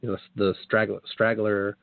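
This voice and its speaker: A man hosting a show, telling a story in a casual, animated way, acting out what people said and swearing now and then. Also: on the low side, moderate pace, vocal fry, no echo. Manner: animated, acts out quotes, swears. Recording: dry tinny phone-like line.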